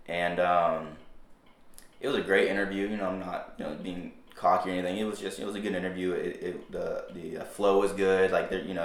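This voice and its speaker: A young man chatting casually as a podcast guest, rambling with many fillers and restarts. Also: low voice. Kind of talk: casual chat. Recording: roomy echo.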